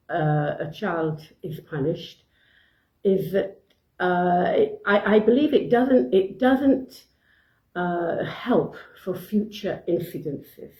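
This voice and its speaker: A woman's voice: lowish voice, dull audio. Woman giving parenting advice, echoey room. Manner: unscripted, many fillers and restarts, acts out short quoted exchanges. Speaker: parenting speaker. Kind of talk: informal advice talk.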